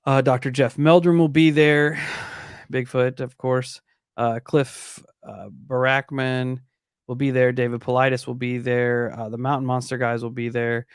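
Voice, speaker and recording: A man hosting a podcast and chatting casually, with a relaxed manner and filler pauses. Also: medium pitch, clean tone, no echo, studio quality. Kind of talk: casual chat.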